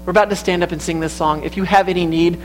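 High-voiced man, earnest church sermon, repeats and builds phrases, faint music under. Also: fairly even intonation, fast, poor audio. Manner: earnest, repetitive, building to emphatic peaks. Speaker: preacher. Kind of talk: sermon with invitation. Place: church sanctuary.

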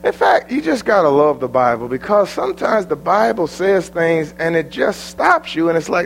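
American preacher, folksy, high voice, sweeping dramatic delivery. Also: male voice, sing-song, moderate pace, vocal fry, hardly any pauses, faint music behind, low-quality recording. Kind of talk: sermon.

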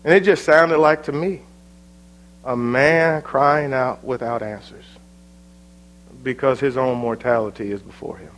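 A man preaching a sermon, rising to loud, fervent exhortation and then dropping to a hushed, quiet delivery. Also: mid-range voice, a little slow, long pauses.

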